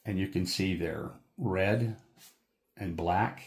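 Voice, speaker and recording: A man with a very deep voice narrates a tabletop role-playing session as game master. He takes his time, pausing often and filling gaps with "um" and "uh" as he paints each scene. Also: a little hiss or hum. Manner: unhurried and descriptive, with many fillers.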